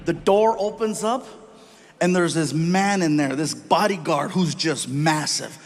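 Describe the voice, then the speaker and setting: A middle-aged man telling a stand-up story in an animated, loud way, acting out each scene. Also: on the high side, unhurried, a little hiss or hum. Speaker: stand-up comedian.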